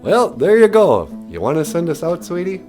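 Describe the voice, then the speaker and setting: A man co-hosting a podcast in easygoing, halting casual chat with many fillers. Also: fairly high pitch, wildly swooping pitch, a little mellow, soft background music. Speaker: podcast co-host. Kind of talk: casual comedic radio chat.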